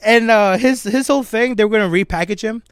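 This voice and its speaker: A young man co-hosting a podcast, telling a story in a casual, animated way with jokey asides. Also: sits high, fairly quick, smooth, no echo, clean studio sound. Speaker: podcast co-host. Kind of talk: casual chat.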